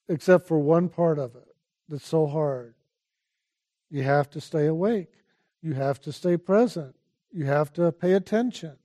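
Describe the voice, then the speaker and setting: This is an older man with a high voice teaching on spiritual matters. His delivery is calm and unhurried, and he returns over and over to the call to pay attention.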